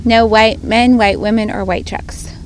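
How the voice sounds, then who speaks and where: A woman's voice: a little high, fairly even intonation, unhurried. A woman hosting a casual podcast outdoors by a lake, giggly and chatty, narrating what goes on around her. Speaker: podcast host. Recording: noisy outdoor recording with passing vehicles.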